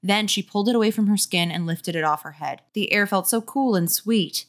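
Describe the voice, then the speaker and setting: A woman's voice: mid-range voice, brisk. A woman reading a children's horror book aloud while a bit tipsy, dropping in wry joking asides. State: tipsy from drinking.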